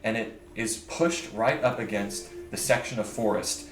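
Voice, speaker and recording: A man with a fairly low voice narrates as game master of a tabletop game, building scenes and correcting himself as he goes. His voice echoes in a roomy space, with music playing clearly behind him. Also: unhurried. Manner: descriptive, with frequent self-corrections.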